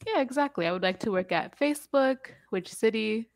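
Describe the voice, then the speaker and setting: An English tutor with a standard American accent gives an online lesson over video call, patiently and warmly explaining pronunciation. Her voice is fairly high and expressive, at a moderate pace.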